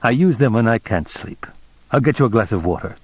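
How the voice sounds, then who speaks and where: A man's voice: medium pitch, animated, fairly quick, husky, no room sound. A man reading an audiobook voices a tense, desperate man who speaks urgently and pleadingly.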